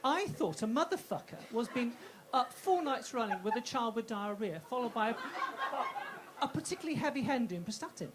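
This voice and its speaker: A woman's voice: a little high, lively intonation, brisk. A woman comedian with a posh-sounding voice doing a live stand-up set, self-mocking, swearing freely, stumbling over and repeating words. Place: comedy club stage. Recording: live club recording with crowd noise. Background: audience laughing.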